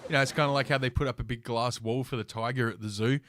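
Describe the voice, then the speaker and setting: A man's voice: medium pitch, fairly even intonation, fast talker, fairly bright tone, slight background noise. A man hosting a casual ranting commentary stream from his computer, reading news aloud with sarcastic, profane asides and lots of fillers. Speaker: host.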